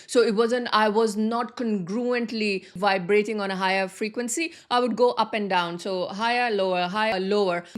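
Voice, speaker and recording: A woman's voice: mid-range voice, fairly bright tone. A woman giving a motivational talk as a manifestation coach, earnest and repeating key phrases for emphasis.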